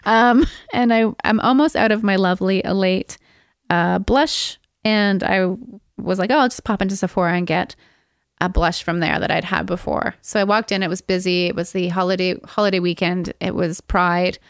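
A woman co-hosting a podcast tells a rambling story during casual chat, laughing often along the way. Her medium-pitched voice is steady and clean at a moderate pace, recorded at studio quality with no echo.

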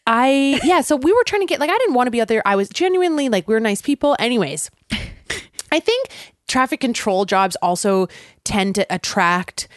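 A young woman telling a story in casual chat, animated and laughing, full of "like". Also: on the high side, brisk, no echo, studio quality. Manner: animated, laughing, lots of "like" fillers.

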